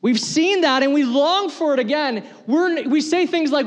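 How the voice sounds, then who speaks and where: A man's voice: extremely high pitch, normal speed, lo-fi sound. A man preaching a sermon as pastor, earnest and conversational, repeating phrases as he builds his points. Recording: long hall reverb.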